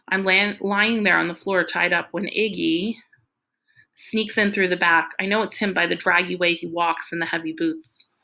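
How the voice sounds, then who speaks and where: A woman narrating a novel in the first person, reading in a plain, steady way. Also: lowish voice, moderate pace, vocal fry. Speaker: audiobook reader.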